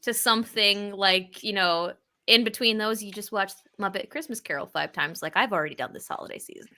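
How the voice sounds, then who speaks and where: A woman's voice: medium pitch, a little fast, sharp tone. A woman co-hosting a podcast in casual chat, often chiming in and laughing. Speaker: podcast co-host.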